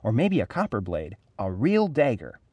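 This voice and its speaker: A man voicing an eager, excitable ten-year-old boy in a storybook reading, with bouncy, breathless excitement. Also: medium pitch, normal speed, slightly rough, no room sound, dull audio.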